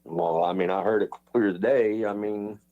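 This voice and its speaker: A man's voice: on the low side, fairly even intonation, normal speed, dark tone, highs cut off. A man streaming a heated online argument, taunting and insulting the other speaker in a mocking tone.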